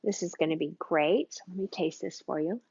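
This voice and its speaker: A cooking show host streams live from her home kitchen, greeting viewers by name with lots of exclamations. Her voice sits on the low side, brisk, somewhat mellow and husky, and the audio is lo-fi.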